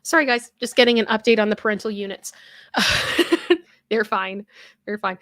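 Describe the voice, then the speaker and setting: A woman's voice: medium pitch, animated, moderate pace, a bit bright, no echo, studio quality. A young adult woman hosting a casual live stream, reading viewer comments and chatting in a rambling way with many fillers and restarts.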